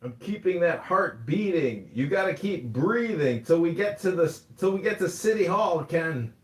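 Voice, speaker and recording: A man's voice: a little high, expressive, moderate pace, roomy sound. A man hosting an online audio chat room, talking casually in an upbeat, slogan-like way and greeting people by name.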